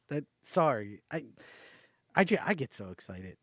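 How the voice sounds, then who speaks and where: A man hosting a podcast, reading out a channeled message slowly and stopping often to marvel at it. He gets excited, breaks off mid-sentence and starts over. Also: medium pitch, no room sound, studio quality. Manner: reads quoted passages slowly and deliberately. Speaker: podcast host.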